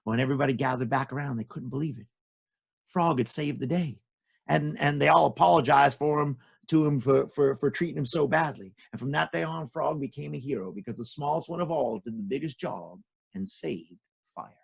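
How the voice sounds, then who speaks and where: Gravelly, animated children's storyteller man. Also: mid-range voice, fairly quick. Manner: animated, with sound effects. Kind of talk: lively folktale storytelling for children.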